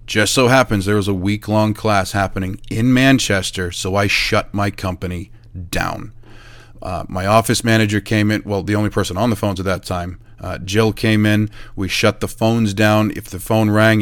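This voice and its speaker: A middle-aged man who owns a chimney service business tells a casual, animated story about his early work. He acts out the exchanges he describes and laughs at himself. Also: fairly low pitch, moderate pace, no echo. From New Hampshire, USA.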